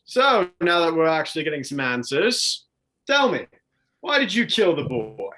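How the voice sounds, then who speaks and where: A man voicing a menacing male adventurer who interrogates prisoners in a drawn-out, taunting, theatrical way. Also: on the high side, sing-song, pushed and bright, pitched above the performer's own voice.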